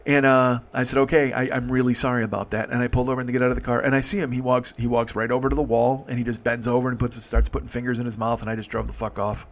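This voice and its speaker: Fast-talking man telling a story. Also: medium pitch, little pitch movement. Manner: profane, conversational, acts out both sides of dialogue. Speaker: rideshare driver telling stories. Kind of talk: casual storytelling monologue.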